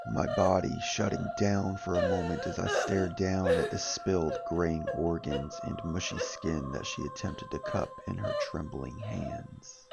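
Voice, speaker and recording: A man giving scripted horror story narration in a slow, dramatic manner. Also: low voice, creaky, low-quality recording. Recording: background music.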